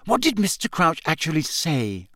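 A man voicing a clever, bossy teenage schoolgirl in an audiobook, speaking briskly and a little sharply. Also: fairly high pitch, wildly swooping pitch, sharp tone, no echo, studio quality, pitched above the performer's own voice, heavily acted. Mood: impatient. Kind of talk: audiobook character voice.

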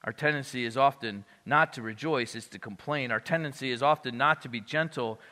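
A pastor with a bright, forceful, medium-pitched voice preaches fairly quickly, talking conversationally and asking the congregation questions. A long reverb tail follows his words.

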